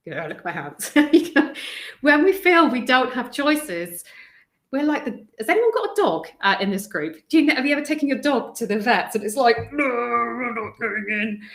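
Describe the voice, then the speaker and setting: Speaking from home as a storm shakes the windows, a female stress coach chats through a live video session for an online group, wandering off topic and interrupting herself. Her voice is high, sing-song, fairly quick and fairly bright, and the room has an echo.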